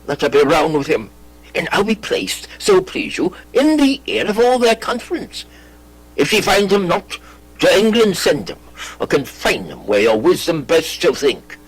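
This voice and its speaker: A man reading a classic play aloud, voicing a fussy, scheming older royal counselor with measured, deferential delivery. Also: on the high side, big pitch swings, slightly rough, low-quality recording. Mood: advising. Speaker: audiobook reader.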